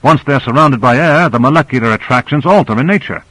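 A man voicing a brisk, matter-of-fact male doctor. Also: medium pitch, a bit bright, no room sound, close to an everyday voice, poor audio. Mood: explaining.

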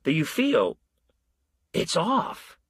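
A pushy ad man with a fierce, emphatic sales pitch, as a narrator plays him, his voice raised and husky. Lively swings in pitch, read for a storybook in a dry, close sound. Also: very slow, no echo, full character voice. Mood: dazed.

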